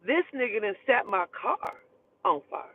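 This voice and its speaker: A woman's voice: mid-range voice, big pitch swings, normal speed. A woman telling a story in a casual, profane and emphatic way. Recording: tinny phone line, dry.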